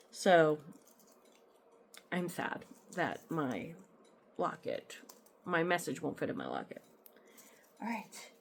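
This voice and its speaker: A woman chatting casually at home as she shows off her cross-stitch finds, rambling into asides with frequent ums. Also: medium pitch. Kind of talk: casual show-and-tell chat. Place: at home in an apartment.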